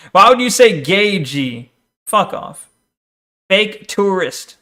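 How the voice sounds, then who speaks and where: A man with a high, bright voice riffs casually as a streamer reacting to clips. His talk is crude and profane, full of teasing and quick laughs. The sound is everyday streaming banter. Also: sing-song.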